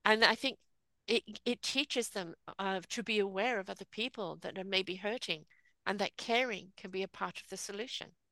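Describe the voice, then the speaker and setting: An older woman hosts a relaxed interview with a bright, forceful voice, lively and expressive as she acts out little quoted lines. The sound is close and dry. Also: mid-range voice, moderate pace, no room sound. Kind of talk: conversational interview.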